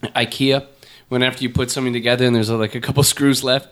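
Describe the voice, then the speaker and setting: A man's voice: medium pitch, flat delivery, quick pace. A man hosting a podcast in casual chat, rambling and joking with many fillers. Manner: rambling, jokey, lots of fillers. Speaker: podcast host.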